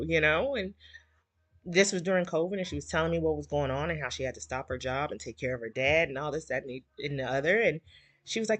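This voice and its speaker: A woman's voice: lowish voice, expressive, fairly quick, breathy edge, no room sound. A middle-aged woman, hosting a livestream and rambling emotionally while she reads viewer comments. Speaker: livestream host. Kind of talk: casual heartfelt livestream chat.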